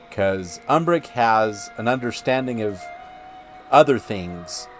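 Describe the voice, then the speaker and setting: A man hosting a gaming channel, talking through gameplay in a rambling, chatty way. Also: on the low side. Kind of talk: casual gameplay commentary.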